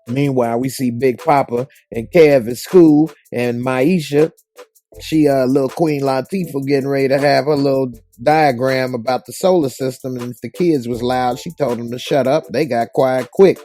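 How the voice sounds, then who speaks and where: A man's voice: medium pitch, fairly even intonation, normal speed, warm tone, faint music behind. A man giving a casual, colloquial recap of a TV episode as a show reviewer. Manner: loose, colloquial storytelling.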